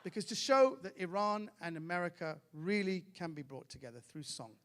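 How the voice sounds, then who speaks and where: A middle-aged man performing live stand-up comedy in a large theatre, animated, slipping into mock voices and shouting punchlines. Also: sits high, fairly quick. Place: large theatre stage before a laughing audience. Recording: live theatre recording with long hall reverb.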